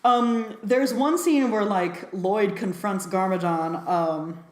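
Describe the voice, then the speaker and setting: A woman's voice: medium pitch, takes it slowly, a little mellow, echoey room. A woman giving a casual film review, talking chattily with lots of fillers and frequent laughs.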